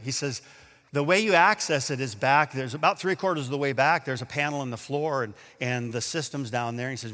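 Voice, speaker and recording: Bright animated preacher in an echoey hall. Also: male voice, mid-range voice, moderate pace. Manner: animated storytelling, acts out quotes, laughs at himself. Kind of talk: sermon with storytelling.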